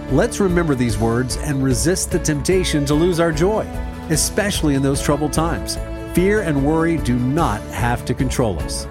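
A man announcer reading a scripted devotional closing in a gentle, measured way. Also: fairly high pitch. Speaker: program announcer.

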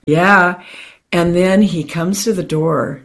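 A woman guest in an interview, telling a personal story in animated, quick bursts with many restarts. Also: lowish voice.

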